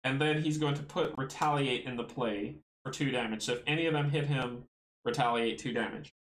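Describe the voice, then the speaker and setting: A man's voice: medium pitch, fairly bright tone, reverberant, poor audio. A man playing a tabletop board game solo, thinking aloud, counting out moves and chuckling often.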